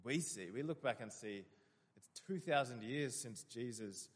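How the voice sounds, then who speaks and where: A man's voice: medium pitch, lively intonation, measured pace, husky, big-room sound. A man preaching a sermon, earnestly explaining scripture and reading verses aloud.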